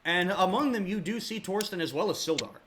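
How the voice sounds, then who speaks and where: A man's voice: high-pitched, expressive, fairly quick, fairly bright tone, a little hiss or hum. A man narrating as game master in a casual, rambling way with many fillers.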